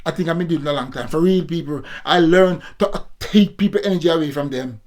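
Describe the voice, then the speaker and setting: Jamaican guy around 60, kinda high voice, preaching at his viewers in a vlog, repeats himself a lot. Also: quick pace. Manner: preachy, repetitive, keeps addressing viewers as people. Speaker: former amateur boxer vlogger. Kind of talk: casual vlog monologue.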